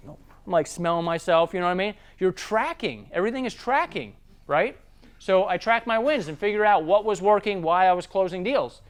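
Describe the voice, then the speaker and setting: High, smooth-voiced Southern man teaching sales. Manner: casual, animated, acts out customers in quick voices. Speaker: sales trainer. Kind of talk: seminar talk on sales.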